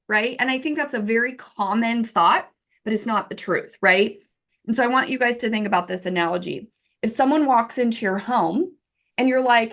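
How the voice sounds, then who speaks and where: A woman in her thirties with a somewhat high voice gives a casual teaching talk. She speaks in a lively, chatty way and keeps checking in with "right?". She often slips into little acted-out quotes. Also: normal speed. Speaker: software co-founder giving marketing advice.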